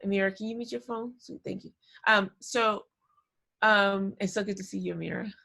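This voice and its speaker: Woman, storytelling talk, video call, animated, chatty, sidetracked, mid pitch. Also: moderate pace, creaky. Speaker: guest speaker.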